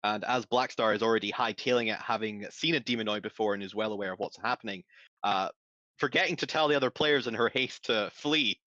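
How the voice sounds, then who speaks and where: A man's voice: fairly low pitch, a little fast, bright, forceful tone, dry recording, highs cut off. A man narrating as game master in a tabletop game over voice chat, stretching out dramatic moments with many fillers.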